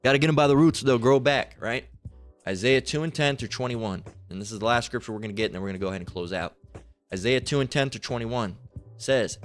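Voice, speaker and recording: A man teaching a scripture lesson in an ordinary mid-range voice, reading verses slowly and deliberately before breaking into blunt, slangy asides. Faint music plays behind him. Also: medium pitch. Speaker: bible teacher. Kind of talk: scripture lesson with casual commentary.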